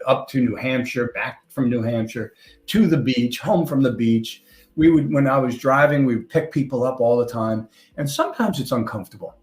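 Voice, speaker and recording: A man's voice: mid-range voice, a little mellow. An older man with a New York accent giving a conversational conference talk, slipping in little jokes and asides. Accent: New York (Long Island). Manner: jokey, conversational presenter with asides. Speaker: conference speaker. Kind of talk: presentation talk. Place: conference hall stage. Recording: roomy hall sound.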